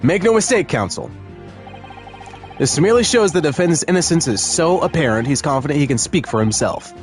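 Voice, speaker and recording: A man's voice: fairly high pitch, animated, fairly quick, faint music behind, close to an everyday voice. A man voicing a smug, theatrical male prosecutor in a courtroom game, drawling and suggestive.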